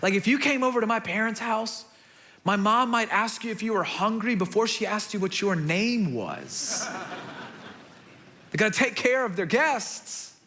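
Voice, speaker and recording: A man preaching a sermon, with animated storytelling and quick restarts. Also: high voice.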